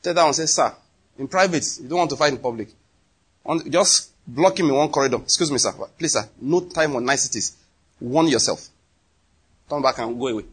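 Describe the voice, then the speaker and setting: A man with a Nigerian accent preaching a sermon, emphatic and animated, often acting out what people say. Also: mid-range voice, fairly quick, breathy edge. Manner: animated, emphatic, slips into acted quotes.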